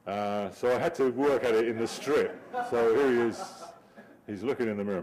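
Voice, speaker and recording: A man's voice: mid-range voice, moderate pace, a little mellow. A middle-aged man, a cartoonist giving a wry, digressive talk over his slides and laughing often. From Britain.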